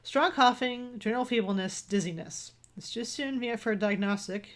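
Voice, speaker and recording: A woman voicing a calm, composed male doctor in a game, reading his lines in a measured, reassuring way. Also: fairly high pitch, natural voice.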